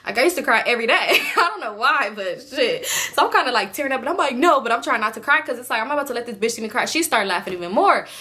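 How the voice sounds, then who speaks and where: A woman from the Los Angeles area telling a storytime in a profane, animated way, often laughing as she talks. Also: fairly high pitch, fast talker, hardly any pauses. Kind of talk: casual storytime.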